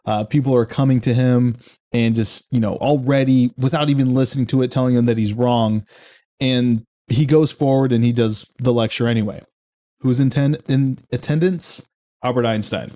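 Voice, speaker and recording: A man's voice: mid-range voice, steady tone, normal speed, mellow. A man casually reviewing a book, reflective and conversational, often restarting his sentences.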